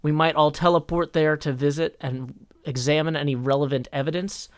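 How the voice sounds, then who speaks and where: A man hosting a livestream, speaking in a measured, mock-formal way, like a judge holding court. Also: a little high, steady tone, smooth, no echo, clean studio sound. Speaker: streamer hosting a game server. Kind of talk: casual livestream chat.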